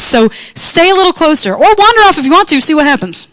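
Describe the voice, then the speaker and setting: A young woman pastor delivers a sermon in an easygoing, conversational manner. Her voice sits high, and she slips into squeaky voices to act out scenes. The sound is dry and close, with little room echo. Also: quick pace, few pauses. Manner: conversational, animated, acts out lost sheep in high squeals. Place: church room with congregation.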